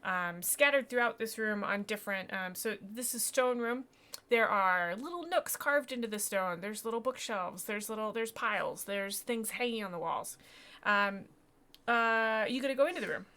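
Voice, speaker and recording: A woman's voice: medium pitch, lively intonation, normal speed, pushed and bright. A woman game master in casual tabletop talk, thinking aloud with many fillers.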